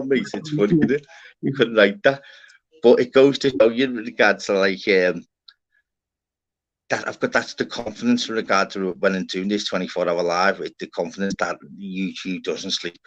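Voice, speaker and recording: A man's voice: fairly low pitch, fairly even intonation, normal speed. A man chatting casually on a live stream panel, rambling and swearing, full of "innit" and "lad". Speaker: livestream host. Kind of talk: casual chat. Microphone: live stream panel, online call. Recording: muffled lo-fi stream audio.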